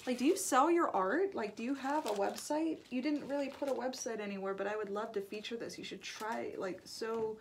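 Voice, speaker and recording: A young woman chatting casually as she opens fan mail, gushing and excited, with lots of "like"s and happy exclamations. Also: a little high, brisk, hardly any pauses, slight background noise. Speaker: YouTuber opening fan mail. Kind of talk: casual chat. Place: indoor studio. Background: paper crinkling and clicks.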